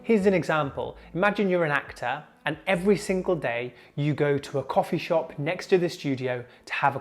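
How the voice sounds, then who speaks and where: A young man giving an earnest, measured motivational talk to camera, slowing down to stress key points. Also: on the high side. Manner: earnest, measured, slows down for emphasis. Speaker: junior doctor and comedian, video host.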